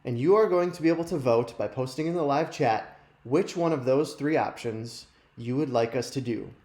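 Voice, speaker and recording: A man's voice: medium pitch, normal speed, darkish tone. A man hosting a live youth ministry show, chatting casually and self-deprecatingly straight to viewers. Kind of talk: casual live-stream chat. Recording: roomy echo.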